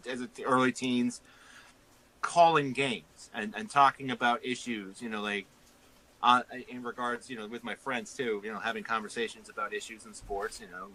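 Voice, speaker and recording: A man's voice: mid-range voice, steady tone, moderate pace, sharp tone, rough recording. A man in his thirties co-hosting a casual sports podcast, rambling and self-amused and laughing often. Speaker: co-host.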